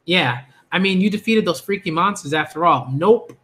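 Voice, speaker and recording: Excitable high-voiced man reacting to manga. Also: moderate pace. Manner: excitable, repeats phrases, laughs often. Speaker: manga reviewer. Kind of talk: live reading reaction commentary.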